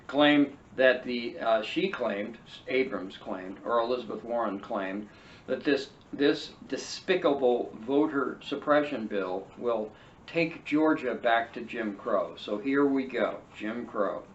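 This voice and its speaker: A man's voice: mid-range voice, slow pace. A man hosts a read-and-react podcast, reading from an article and breaking off for sarcastic, mocking remarks. He sits well back from the microphone, so his voice comes across distant and roomy. The sound is dull and lo-fi, with a faint hiss underneath. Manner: sarcastic, mocking asides while reading aloud. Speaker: podcast host. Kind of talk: read-and-react political commentary.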